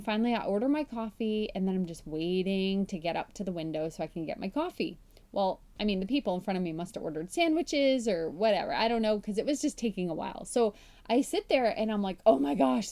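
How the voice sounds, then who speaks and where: A woman's voice: mid-range voice, warm tone. A woman hosting a faith-based podcast, talking casually and chattily to her listeners, poking fun at herself and laughing often. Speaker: podcast host.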